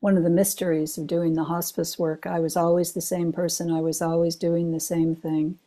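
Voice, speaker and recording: An older woman, a retired chaplain, giving a Zen dharma talk full of personal stories, told in an unhurried way with gentle laughs. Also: lowish voice, flat delivery.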